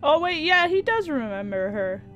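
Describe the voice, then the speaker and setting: A woman's voice: high-pitched, sing-song, normal speed, a bit bright, dull audio, faint music behind. A young woman commenting on a video game as she plays, sentimental and reading game prompts aloud. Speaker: gaming YouTuber. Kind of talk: let's-play commentary.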